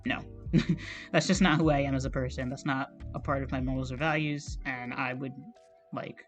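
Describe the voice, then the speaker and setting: A man's voice: medium pitch, steady tone, normal speed, soft background music. A man streaming while he draws, talking in a rambling, casual way, full of "like" and swearing. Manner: rambling, heavy use of "like", frequent swearing. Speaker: art streamer.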